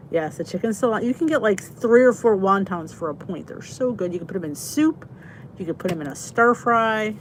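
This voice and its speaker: A woman's voice: medium pitch, lively intonation, fairly quick, slight background noise. Chatty woman hosting a live stream. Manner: chatty, rambling, often breaks off to say good night to viewers. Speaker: host of a live stream chat. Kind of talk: casual live-stream chat.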